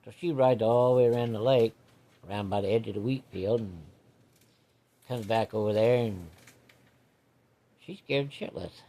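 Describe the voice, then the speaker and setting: A man's voice: on the low side, moderate pace, pauses often, dark tone. A man telling a rambling personal story in a folksy, casual way.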